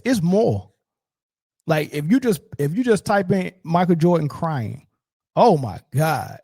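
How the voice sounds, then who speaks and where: A man hosting a sports commentary show, ranting in a mocking, profane and animated way. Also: fairly high pitch, a little slow, husky, no room sound.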